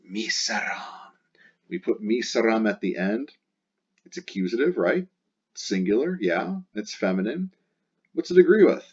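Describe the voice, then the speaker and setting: A man teaching a Latin lesson, translating a poem line by line, patient and deliberate, sometimes reading lines with dramatic feeling. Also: low-pitched, a little mellow, lo-fi sound. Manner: slow, patient, breaks into dramatic emotional readings of the text.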